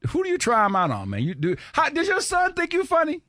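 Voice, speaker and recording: A man's voice: extremely high pitch, huge pitch swings, fast talker, pushed and bright, dry recording, clean studio sound. A man hosting a radio interview, enthusiastic and laughing along with his guest. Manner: enthusiastic, laughs along, eager to hear more stories. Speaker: radio host. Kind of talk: interview chat.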